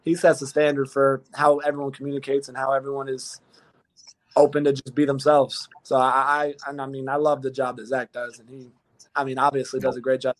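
Earnest young man, flat delivery. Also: mid-range voice, a little fast. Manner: earnest, rambling with many restarts. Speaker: pro football player guest. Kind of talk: casual interview talk.

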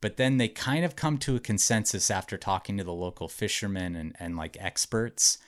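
Here a podcast host with a fairly low voice talks fairly quickly while sharing a true story with friends. The telling is casual and chatty, and he hedges often with "like" and "um."

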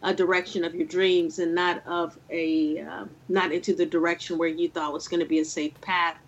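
A woman's voice: on the low side, flat delivery, normal speed. A woman filmmaker telling a personal story in an interview over a video call, earnest and emotional, laughing often. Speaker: filmmaker guest. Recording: slightly dull lo-fi sound.

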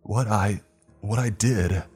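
A man's voice: fairly low pitch, slow, a little mellow, soft background music, voice pushed up. A man voicing a terrified sixteen-year-old boy tied to a chair, panicked and pleading. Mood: frantic.

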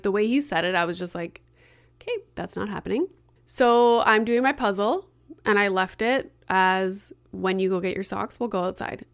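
A woman's voice: mid-range voice, no echo. A woman in her thirties hosting a solo podcast, telling a story in a chatty way with many "like" fillers. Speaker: podcast host.

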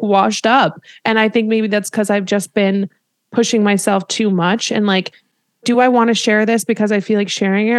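A woman's voice: mid-range voice, no echo. Woman, mid-range voice, dry close sound, confessional casual podcast chat. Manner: open, confessional, lots of "like" fillers. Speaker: podcast co-host.

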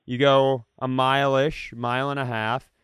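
A man co-hosts a comedy podcast in casual chat, his mid-range voice flat, unhurried, smooth and a bit bright, recorded in studio quality with no room sound. A faint Southern US accent, mostly trained out, slips through as he rambles, loses his words and pokes fun at himself.

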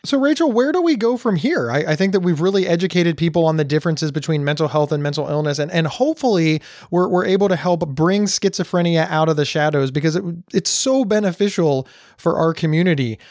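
A man's voice: a little high, brisk, darkish tone, dry recording, studio quality. A man hosting a podcast, talking earnestly in a casual way, often restarting his words. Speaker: podcast host.

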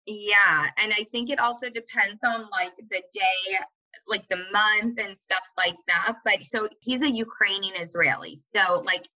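A young woman talking as a podcast guest in casual chat, candid and dramatic, quick to poke fun at herself. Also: medium pitch, steady tone, sharp tone, highs cut off. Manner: candid, dramatic and self-mocking.

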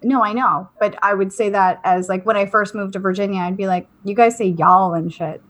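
A woman's voice: medium pitch, fairly even intonation, a little fast. A young woman from California, co-hosting a podcast, blunt and joking, with casual swearing. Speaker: podcast co-host. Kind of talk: casual chat.

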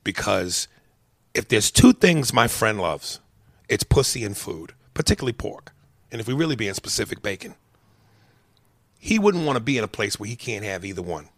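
A man telling a story as a heated, profane rant, swinging between loud outbursts and low muttered asides. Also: very animated, normal speed, no echo, studio quality.

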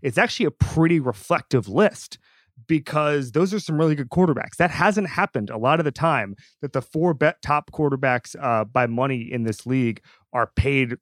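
A man's voice: mid-range voice, moderate pace, no echo. A man hosting a sports podcast, talking casually and emphatically with frequent restarts. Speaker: podcast host.

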